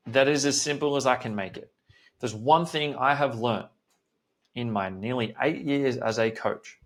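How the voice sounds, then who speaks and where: A man hosting a solo podcast as a coach, talking bluntly and swearing often in a direct motivational pep talk. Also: mid-range voice.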